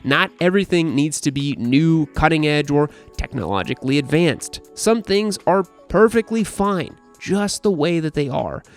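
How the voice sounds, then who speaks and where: A man's voice: on the high side, lively intonation, moderate pace, hardly any pauses. A young man hosting a motorcycle channel, reading a scripted review with wry, sarcastic humor over faint background music.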